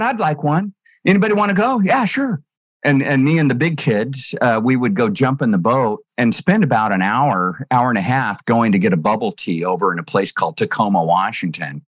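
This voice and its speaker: A man's voice: no room sound, studio quality. A middle-aged man telling a story as a podcast guest, acting out the dialogue and often repeating words as he goes. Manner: acts out dialogue with lively shifts in pitch. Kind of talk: animated storytelling.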